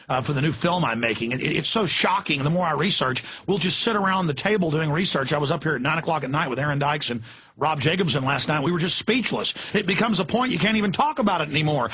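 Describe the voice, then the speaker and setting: A man hosting a talk radio show, ranting with impassioned intensity, swinging between yelling and hushed urgency. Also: fairly high pitch, expressive, a little fast, husky.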